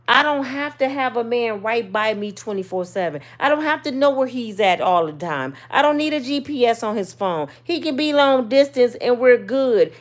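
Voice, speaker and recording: A middle-aged woman, telling viewers a personal story in a casual, sassy, animated way. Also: fairly high pitch. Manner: animated, sassy, swings between loud and soft. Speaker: channel host.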